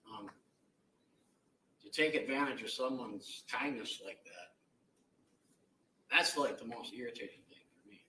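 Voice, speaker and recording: A middle-aged man speaks bluntly and haltingly, his voice bright and forceful. It sounds like it comes from a courtroom microphone, with echo around it and some distance from the mic. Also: mid-range voice, slight background noise. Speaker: victim's relative giving impact statement. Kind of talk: courtroom victim impact statement. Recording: echoey courtroom audio from far off.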